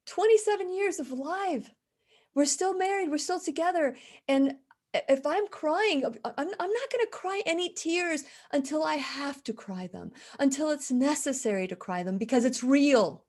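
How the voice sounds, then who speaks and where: A woman's voice: high voice, a little mellow. A woman in her fifties with a slight lisp, hosting a faith-based live talk show, telling earnest stories and reading viewer comments with frequent restarts. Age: 50s. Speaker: radio show host.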